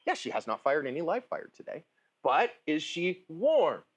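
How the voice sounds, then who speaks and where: A man's voice: on the high side, wildly swooping pitch, normal speed, slightly rough. A man giving casual firearms instruction at a shooting range, talking informally and checking in with his listener. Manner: chatty, informal, asks "right?" and "okay?" often.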